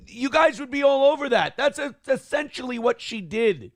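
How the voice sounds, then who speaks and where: Male show host, high gravelly voice, sarcastic profane commentary. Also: animated, moderate pace, hardly any pauses, dry recording, studio quality. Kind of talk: opinionated commentary over clips.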